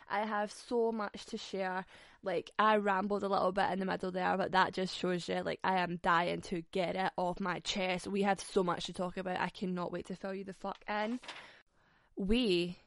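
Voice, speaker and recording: A woman in her twenties hosts a casual solo podcast, her medium-pitched voice level and her pace normal. She chats frankly, swears, and laughs often, and the studio sound is clean with no room noise.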